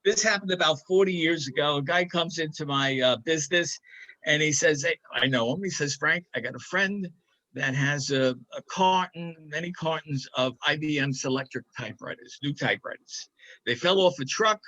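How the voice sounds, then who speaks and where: An older man telling a comic prank story on a talk show in a casual, animated way, acting out the other voices in it. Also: fairly high pitch, normal speed, rough recording.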